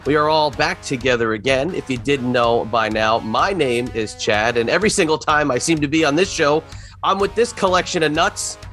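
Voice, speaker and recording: A man hosts a comedy podcast and introduces his panel with hyped, announcer-like flair. His voice sits a bit high. Faint music plays underneath. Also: normal speed, a bit bright. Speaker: podcast host.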